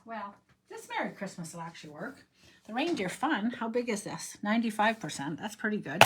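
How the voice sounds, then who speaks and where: A woman's voice: mid-range voice, big pitch swings, brisk. Woman, crafting livestream host, chatty, rambling, hums while working, faint background hiss. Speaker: card-making livestream host. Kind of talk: casual crafting livestream chat.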